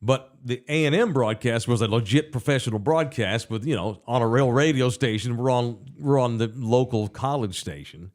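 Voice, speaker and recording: A man's voice: medium pitch, normal speed, few pauses, a little mellow. A middle-aged man, co-hosting a sports podcast and telling rambling, profane stories. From Texas. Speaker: podcast co-host. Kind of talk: casual sports talk. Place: bar studio.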